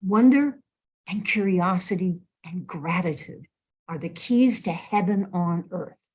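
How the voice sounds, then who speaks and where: Woman minister, sermon delivery; slow and husky, expressive storyteller. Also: on the low side.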